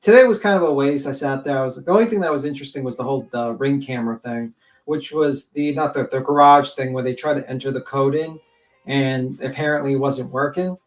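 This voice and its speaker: A man's voice: medium pitch, fast. A man co-hosting a casual livestream, talking in a blunt, profane, exasperated way. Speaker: co-host.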